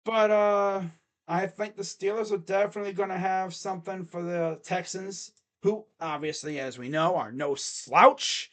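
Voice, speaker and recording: High-voiced young man talking football. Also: a little slow, fairly bright tone. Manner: chatty, mocking asides in put-on voices. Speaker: sports picks host. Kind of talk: casual football recap.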